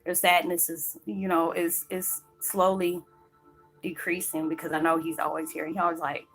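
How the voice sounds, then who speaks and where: Talking emotionally to the camera, this woman describes her spiritual journey in a rambling way, full of fillers, her voice catching as if near tears. She has a fairly low, fairly bright voice with little pitch movement and a moderate pace. Audio is poor, and soft music plays behind her.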